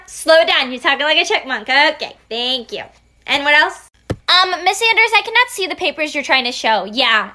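A woman's voice: high-pitched, pushed and bright. A woman playing a flustered student struggling through a video-call class in a comedy sketch. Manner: hesitant, flustered, many ums.

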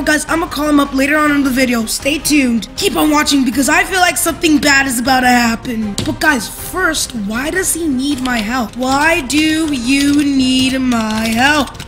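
Woman gaming vlogger, super high voice, keeps exclaiming at her viewers. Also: sharp tone. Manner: exclamatory, talks straight to viewers. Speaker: gaming YouTuber. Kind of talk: excited unboxing vlog.

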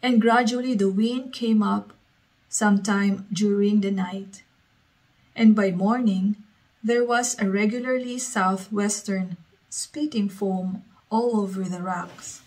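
Woman reading a story out loud, really slow and steady, mid pitch. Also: rough recording.

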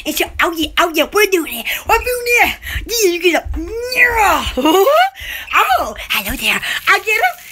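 A woman hosting a casual live-stream shopping chat, excitable and giggly, often humming, cooing and blowing kisses to viewers. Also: very high-pitched.

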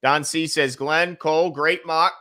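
A man's voice: a little high, steady tone, unhurried, pushed and bright. A man hosting a casual sports talk show, rambling and reading viewer comments aloud. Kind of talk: casual sports podcast chat.

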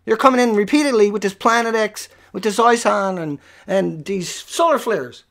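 A livestream host delivering an angry, profane rant at viewers, dropping to low muttering and then rising to yelling. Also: normal speed.

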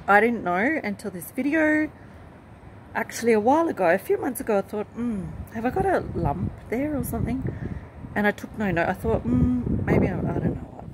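A woman giving a personal vlog update, talking in an emotional, halting and rambling way. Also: mid-range voice, background noise. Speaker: vlogger. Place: outdoors with passing aircraft.

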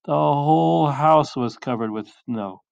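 A male teacher reads a children's picture book aloud, slow and expressive in his telling. The sound is dry with no room echo, and muffled and lo-fi. His pitch sits in the middle range. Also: gravelly, clear, resonant tone.

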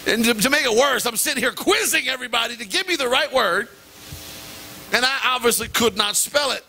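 A middle-aged male pastor preaching a sermon and telling animated, self-deprecating stories with sudden jumps in pitch. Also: brisk, slight background noise. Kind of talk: sermon with personal anecdote. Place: church sanctuary.

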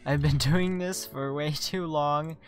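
A gaming video host chatting through a let's-play, excitable and rambling with restarts, tired. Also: medium pitch, slow pace. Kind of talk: casual let's-play commentary.

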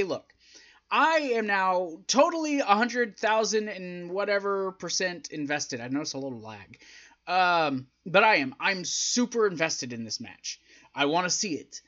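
Man, casual review, exasperated, rambling, sharp voice, dull lo-fi sound. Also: high voice, unhurried. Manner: animated, exasperated, rambling with restarts. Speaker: YouTube wrestling show reviewer.

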